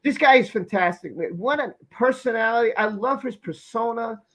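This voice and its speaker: A man's voice: very high-pitched, normal speed, a bit bright, poor audio. This is a man with a Brooklyn accent hosting a live stream. He talks emphatically and gushes, and he circles back over the same points again and again. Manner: emphatic, effusive, repeats himself. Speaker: host.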